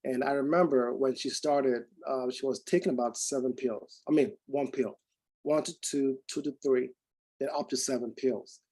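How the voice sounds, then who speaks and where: A man's voice: medium pitch, normal speed, rough recording. A man in his forties telling a personal story to a group, acting out the dialogue with many restarts. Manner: animated, acts out quoted dialogue with many restarts. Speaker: speaker giving a testimonial.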